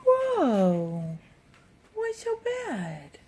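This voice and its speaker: A woman's voice: medium pitch, huge pitch swings, extremely slow, darkish tone, breathy edge. A woman filming her baby at home, coaxing him in sing-song baby talk. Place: at home indoors.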